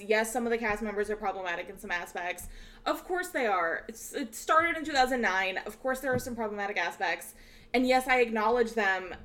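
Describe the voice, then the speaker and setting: Excitable, gushing young woman. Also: fairly high pitch. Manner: gushing, excitable, swears often. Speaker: podcast co-host. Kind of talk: casual chat.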